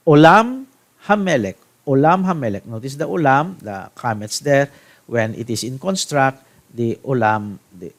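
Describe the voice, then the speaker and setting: A man from the Philippines teaching a Hebrew grammar lesson, deliberate, checking in with "okay?" and restarting phrases. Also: mid-range voice. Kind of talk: classroom grammar lecture.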